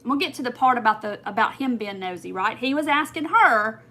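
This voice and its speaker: On her crafting livestream, a woman with a drawl spins a long, rambling story, speaking emphatically and directly to her viewers while she keeps working on her craft. Her voice is slightly high and bright, animated and quick.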